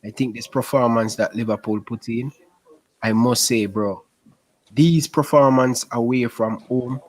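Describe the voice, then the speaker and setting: A man hosting a casual post-match football fan stream, excitable and repetitive, often calling people bro. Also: medium pitch, a little slow. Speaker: fan show host.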